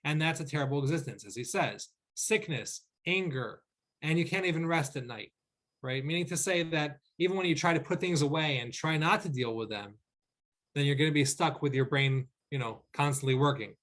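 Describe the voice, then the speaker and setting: Man, rabbi, online class, higher voice, explanatory, checks in often, slow careful reading. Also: fairly bright tone. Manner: explanatory, repeats "okay?" and "right?" to check in; reads verses slowly in Hebrew, then translates. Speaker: rabbi teaching a weekly class. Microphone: video call.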